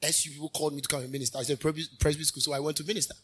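High bright-voiced preacher. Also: male voice, level tone, rapid-fire, breathy edge. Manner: fervent preaching with sudden loud rises and asides. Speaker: minister. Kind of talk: sermon.

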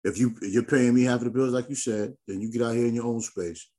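Male podcast host, mid-pitched, slangy and emphatic, casual chat. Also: fairly even intonation, fast talker, mellow.

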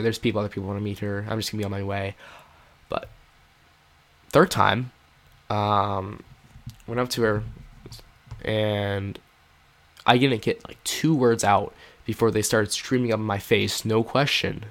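A man's voice: fairly low pitch, fairly bright tone. A man telling a first-person story in a casual, earnest way, with many fillers and restarts. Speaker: podcast host.

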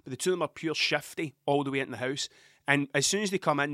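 A man's voice: on the high side, fast talker, bright, forceful tone, dry recording. A man with a Scottish accent in his thirties, telling a rambling, sweary story on his podcast into a close microphone. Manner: sweary, rambling, with frequent restarts. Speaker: podcast host. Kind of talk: casual storytelling monologue.

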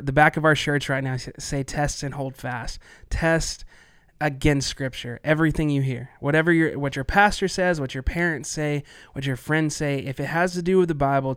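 A relaxed man chats on a podcast, stumbling over his words and restarting as he goes. His voice is smooth and full. The sound is close and dry. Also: mid-range voice, dry recording. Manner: relaxed, stammering restarts, Southern "y'all". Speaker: podcast co-host. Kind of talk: casual chat.

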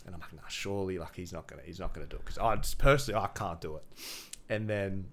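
A man's voice: deep voice, fast. A young man, telling a story as a podcast guest in casual chat, laughing through it.

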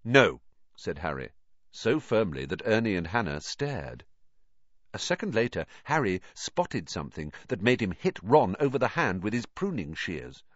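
A man narrating a storybook with an expressive, varied delivery. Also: on the low side, moderate pace, dry recording, muffled recording. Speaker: audiobook narrator.

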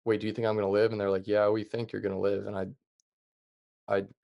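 A young adult man talks as a podcast guest, his low voice gravelly with vocal fry. He keeps an even, flat delivery and tells events plainly, leaning on fillers as he goes. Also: fast talker, muffled recording. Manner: calm, plain retelling with many fillers. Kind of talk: casual storytelling.

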